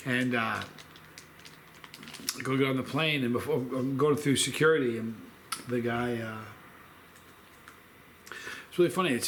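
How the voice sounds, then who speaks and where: A man's voice: medium pitch, a bit bright, slight background noise. A man hosting a food review vlog, telling a long story in a rambling, chatty way with lots of fillers.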